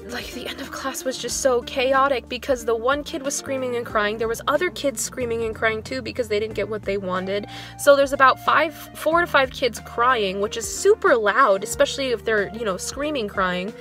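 Young woman teacher, 20s, vlogging, dejected and rambling, pitched a bit high. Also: fairly bright tone. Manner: rambling storytelling, filler "like" throughout. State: dejected, low on motivation. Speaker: elementary school music teacher. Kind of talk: casual vlog venting.

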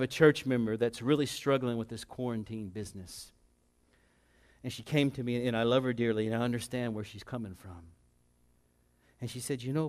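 A man preaching a sermon as pastor, building to loud, impassioned crescendos and then dropping to hushed, low asides. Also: normal speed.

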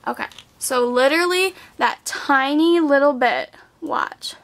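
Bubbly high-voiced teen woman vlogger. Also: moderate pace, fairly bright tone. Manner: bubbly, chatty, says "like" a lot. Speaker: beauty vlogger. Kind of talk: casual haul video chat. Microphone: camera mic.

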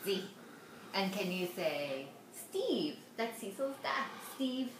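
A woman's voice: mid-range voice, big pitch swings, background noise. Patient mother coaxing a toddler. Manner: patient, repeats words slowly and laughs softly. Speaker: parent coaching a toddler to say names. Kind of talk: home video, coaxing a child. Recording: echoey room.

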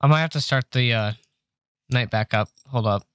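A man's voice: medium pitch, moderate pace, fairly bright tone, smooth, no room sound, studio quality. A young man on a casual livestream, chatting to viewers at a desk microphone, joking, swearing, and getting jumpy as he plays a horror game. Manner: joking, chatty, swears a lot, gets jumpy when scared. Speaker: streamer. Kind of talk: casual livestream chat while gaming.

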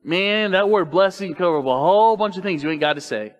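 A male pastor preaches in church, moving between lively, joking asides and plain Bible storytelling. His voice sits a little high for a man, and his talk is loose and colloquial. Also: quick pace, few pauses, highs cut off. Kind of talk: sermon.

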